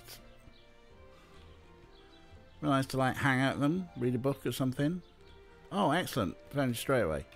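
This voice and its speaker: A man giving casual let's play commentary, wry and exasperated, swearing as he plays. His voice sits at a middle pitch, with faint music behind him. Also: animated, moderate pace, pauses often. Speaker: streamer playing a game.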